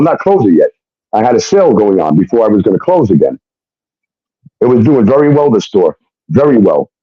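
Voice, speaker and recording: A man recounts his story with a lively, swinging delivery, leaning hard on emphasis and the odd curse. The recording is dull and lo-fi, with a dry, close sound. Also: medium pitch, no room sound. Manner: emphatic, profane, keeps adding "okay?". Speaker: guest. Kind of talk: casual storytelling.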